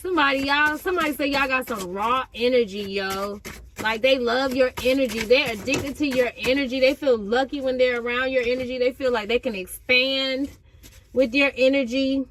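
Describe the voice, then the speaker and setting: A woman giving a casual tarot reading to her viewers, talking with high energy in a slangy, chatty way. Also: moderate pace, a bit bright, slight background noise. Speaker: tarot reader.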